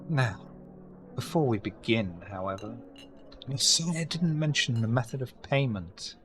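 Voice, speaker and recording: A man's voice: mid-range voice, animated, measured pace, fairly bright tone, a little hiss or hum, voice pushed up. A man doing a suave old vampire necromancer. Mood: smooth.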